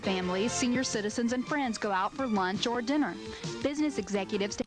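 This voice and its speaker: A woman's voice: a little high, brisk, music in the background. A woman narrating a corporate training video in an upbeat, instructive scripted way.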